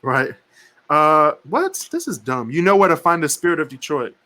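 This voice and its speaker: A young man from Michigan co-hosting a casual podcast chat, animated and laughing often, acting out the people he quotes. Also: a little high, moderate pace. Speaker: podcast host.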